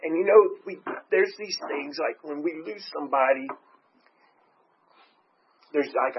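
A man's voice: on the high side, measured pace, pauses often, slight background noise. A man telling a personal story in a chatty, rambling way, often breaking into laughter. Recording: muffled lo-fi recording.

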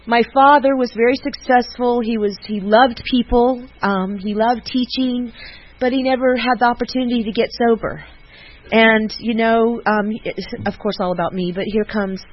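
A woman speaking at a recovery meeting, giving a personal tribute in a halting way, full of fillers and restarts. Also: medium pitch. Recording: muffled lo-fi recording.

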